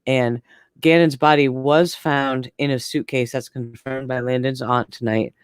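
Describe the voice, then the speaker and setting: A woman's voice: very deep voice, fairly even intonation, unhurried, smooth, no echo, studio quality. A woman in her forties talking candidly in casual chat, often breaking into laughs. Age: 40s.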